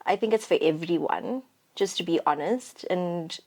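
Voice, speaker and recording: A young woman co-hosting a casual podcast, chatting reflectively and joking easily. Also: on the low side. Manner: chatty, reflective, quick to joke. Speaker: podcast co-host. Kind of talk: casual chat.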